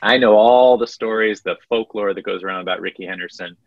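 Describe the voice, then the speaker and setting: A man co-hosting a casual sports podcast, retelling anecdotes in an animated storytelling way. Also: fairly low pitch, fairly quick, dry recording, highs cut off. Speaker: podcast co-host.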